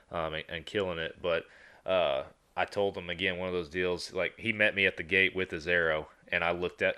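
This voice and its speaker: A man from West Virginia, co-hosting a podcast, telling stories in a relaxed, casual way that turns animated when he retells what people said. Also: low-pitched, clear, resonant tone. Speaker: podcast co-host. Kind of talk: casual chat.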